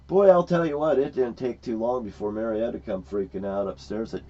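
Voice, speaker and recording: A man talks in a long, rambling rant full of profanity and anger. His voice sits at a middle pitch. The recording is dull and lo-fi. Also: lively intonation, moderate pace, mellow. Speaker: vlogger.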